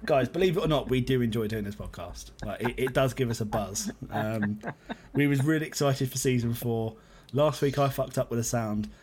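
A man co-hosting a podcast, teasing in a dry, deadpan way. He sounds tired. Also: mid-range voice, moderate pace, hardly any pauses, a little hiss or hum. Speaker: podcast co-host. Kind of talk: casual banter.

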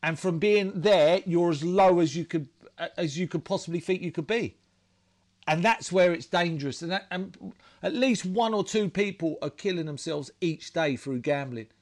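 A man, a guest in an interview, speaking haltingly with many restarts and fillers. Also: sits high. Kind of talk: emotional personal interview talk.

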